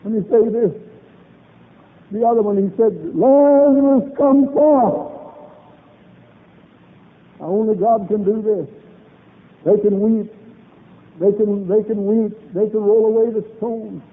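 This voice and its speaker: Emphatic preacher man, high voice, repeats himself for punch, phone-thin old tape. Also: fairly even intonation, a little slow, long pauses. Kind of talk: revival sermon. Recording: tinny old lo-fi recording.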